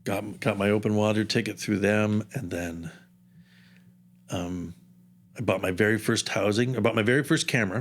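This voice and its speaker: A man in his fifties, a podcast guest and underwater camera operator, telling stories in a casual, rambling way with many asides. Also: on the low side. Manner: rambling, jumps around in time with asides. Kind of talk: casual storytelling interview.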